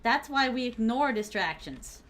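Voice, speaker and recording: Playful Southern woman, lively higher voice. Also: unhurried, a little hiss or hum. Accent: Southern American. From Southern United States. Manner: playful and teasing, calls viewers by pet names. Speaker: streamer. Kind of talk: live gameplay commentary.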